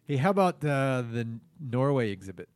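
Male comedy podcast host, playful interviewer, middle pitch, dry studio sound. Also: sing-song, brisk, clean tone, no echo. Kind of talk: improvised comedy podcast chat.

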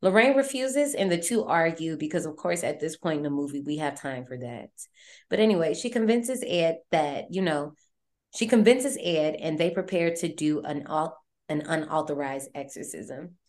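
A woman with a lowish voice hosts a podcast, retelling a horror film in loose, chatty slang. She talks animatedly and swears freely. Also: expressive, normal speed, a little mellow. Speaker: podcast host. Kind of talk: casual horror movie recap.

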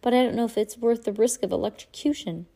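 A woman's voice: fairly high pitch, quick pace, vocal fry, mellow, voice pushed up. Woman putting on a prim, fretful old widow. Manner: prim, fretful and easily flustered. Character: fussy nervous elderly widow.

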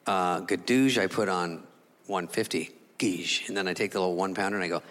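A man doing stand-up comedy, animated, jumping into other voices and sound effects. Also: low-pitched, fairly quick. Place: comedy stage before an audience. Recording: live in a hall with crowd laughter.

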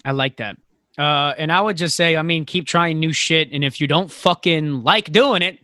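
A man's voice: a little high, moderate pace, bright, forceful tone, no echo. A young man co-hosting a casual comedy podcast, reading listener questions, laughing often and joking crudely.

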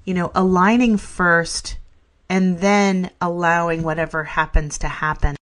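A woman's voice: fairly low pitch, fairly even intonation, measured pace, a bit bright. A middle-aged woman co-hosting a casual spiritual podcast, enthusiastic, laughing often and filling with "you know". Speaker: podcast co-host.

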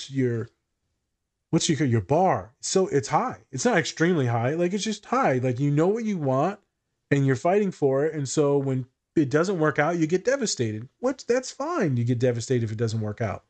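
A young man in a relaxed podcast chat, speaking at a mid pitch with a frank, profane delivery. He explains things as a therapist would, stumbling over repeated words and restarting thoughts as they come. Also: moderate pace. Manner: swears freely, quotes others in animated voices, repeats words. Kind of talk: casual podcast conversation.

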